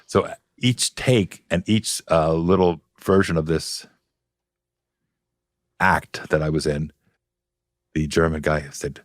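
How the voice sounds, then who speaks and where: A man as a guest in a podcast interview, telling stories in a relaxed, chuckling way. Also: extremely low pitch, takes it slowly, pauses often, no room sound, clean studio sound. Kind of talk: casual chat. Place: podcast studio.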